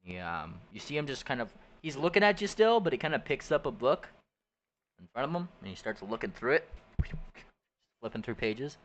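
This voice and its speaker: A young man narrating as game master, rambling with many halting fillers. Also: mid-range voice, big pitch swings, fairly bright tone, muffled recording. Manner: rambling, halting, laughs often.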